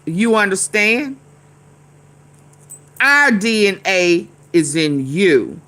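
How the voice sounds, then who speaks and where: A woman's voice: mid-range voice, lively intonation, takes it slowly, bright, forceful tone. A woman, commenting heatedly on a news clip and calling out her chat. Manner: heated, talks back to the screen and commenters. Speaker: commentary streamer. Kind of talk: casual reaction commentary.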